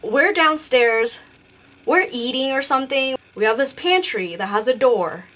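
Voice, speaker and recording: A woman's voice: sits high, unhurried. A young woman telling a ghost story in a casual vlog, rambling and swearing constantly. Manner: profane, rambling, animated storytelling. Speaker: beauty vlogger.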